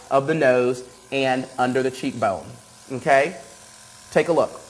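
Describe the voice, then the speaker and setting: Upbeat makeup artist, male, slightly high voice, keeps saying okay. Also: normal speed, low-quality recording. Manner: enthusiastic, repeats cues and says okay often. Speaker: makeup artist demonstrating airbrush. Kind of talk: live tutorial demonstration.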